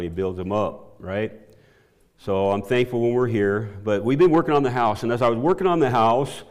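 Middle-aged man sharing a church testimony, mid-pitched, halting with restarts, laughs easily, goes up in pitch when excited. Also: long reverb tail. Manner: voice climbs high and loud when excited. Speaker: church member giving testimony.

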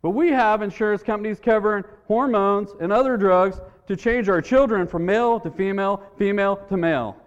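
Man preaching, with a higher voice. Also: brisk, few pauses, smooth, long reverb tail, muffled recording. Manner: earnest, conversational storytelling with repetitions. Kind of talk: sermon. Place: church.

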